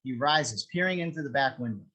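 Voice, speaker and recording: A man narrating a script reading, with a steady, descriptive reading of the stage directions. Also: mid-range voice, brisk, poor audio.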